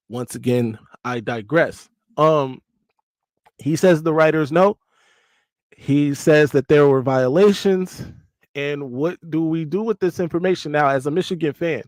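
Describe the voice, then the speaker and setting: Male stream host, slightly high voice, loose and digressive, dry close mic. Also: a little mellow, dry recording. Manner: chatty, digressive, joking asides. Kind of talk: casual live-stream commentary.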